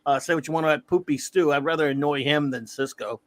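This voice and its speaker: A middle-aged man chatting loosely as a show's host, slightly higher-pitched than most men. He rambles, backs up to fix his words and chuckles along the way. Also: fast. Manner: rambling, self-correcting, chuckles often. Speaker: podcast host. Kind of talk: casual review chat.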